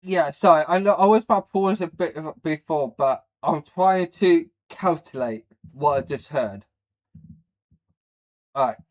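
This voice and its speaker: A man's voice: fairly high pitch, unhurried. A man hosting a reaction video, who rambles bluntly with many fillers and says he has a speech problem. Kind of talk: casual reaction commentary.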